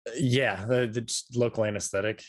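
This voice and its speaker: A man chatting casually and answering in a hesitant, understated way. His voice is on the low side and sounds close and dry. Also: fairly even intonation, fairly quick, no room sound. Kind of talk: casual chat.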